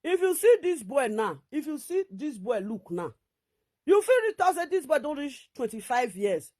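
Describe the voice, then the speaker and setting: A woman speaks in a Nigerian Pidgin accent, her voice sitting high. She tells a story to the camera in an animated way, full of fillers and restarts. She climbs toward shouting whenever she repeats what others said. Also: normal speed. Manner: animated, rising to near-shouts when quoting others; many fillers and restarts, recounting a dispute. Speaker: vlogger. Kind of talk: casual storytelling monologue.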